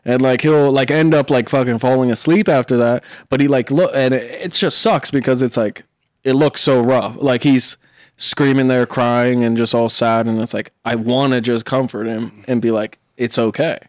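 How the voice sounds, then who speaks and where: A man's voice: medium pitch, steady tone, moderate pace, no room sound. A young man in casual chat, rambling with lots of fillers and swearing as he talks about his son. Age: young adult.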